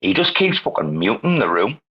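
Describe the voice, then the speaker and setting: A man's voice: lowish voice, big pitch swings, normal speed, husky, lo-fi sound. A man hosting a casual online voice chat, rambling and swearing freely, laughing often. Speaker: podcast host. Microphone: online audio chat.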